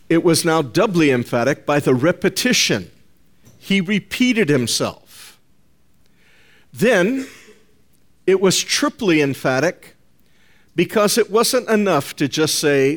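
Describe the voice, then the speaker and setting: A male preacher delivers a sermon slowly and deliberately, his voice sitting a little above the usual male range. He hammers home his points through repetition and emphasis, speaking directly to his congregation as "folks". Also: on the high side, animated. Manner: addresses listeners as folks.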